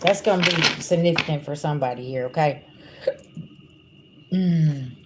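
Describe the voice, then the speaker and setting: A woman's voice: deep voice, moderate pace, heavy background noise. Blunt, profane woman doing a live reading. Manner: blunt, profane, talks straight to viewers as "y'all". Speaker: spiritual reader. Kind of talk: casual livestream reading.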